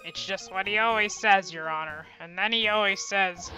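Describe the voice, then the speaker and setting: A woman's voice: medium pitch, normal speed, bright, forceful tone, soft background music, natural voice. A woman playing a stammering male detective. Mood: plain. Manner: stammering, deferential, calls others ma'am and sir. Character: bumbling eager male police detective.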